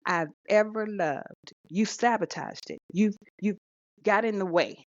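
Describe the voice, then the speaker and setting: A woman's voice: medium pitch, measured pace, no echo, natural voice. A woman voicing an exasperated adult son confronting his mother, with rising, pleading emphasis. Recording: dull lo-fi sound.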